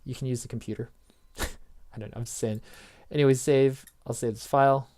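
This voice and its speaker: A man hosts a casual screen-recorded coding lesson, rambling through his notes with jokey asides and frequent self-interruptions. His mid-range voice is darkish, with fairly even intonation and normal speed.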